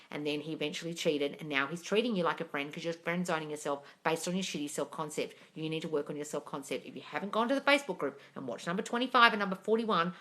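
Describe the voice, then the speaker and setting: A woman with a lowish, somewhat bright voice runs a livestream Q&A on manifesting, reading and answering live comments. She's blunt and swears freely, yet calls everyone darling.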